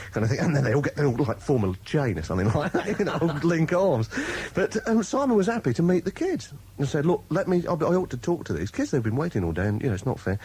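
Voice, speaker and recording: A man with a higher voice talks fast and huskily on a poor-quality 1980s radio broadcast. Presenting in casual chat, he spins a long, animated anecdote, laughing and doing voices for the characters.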